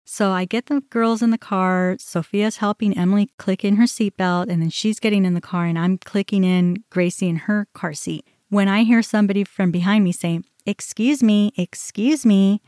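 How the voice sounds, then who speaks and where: A middle-aged woman hosting a podcast, telling a personal story in an animated way, often quoting herself and others. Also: medium pitch, moderate pace, few pauses, no echo, studio quality. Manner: animated, quotes herself and others, restarts when upset. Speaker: podcast host.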